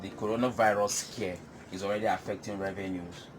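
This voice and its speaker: A man talking about business in a casual chat, animated and emphatic, laughing often. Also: on the low side, brisk, background noise. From Nigeria. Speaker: business guest.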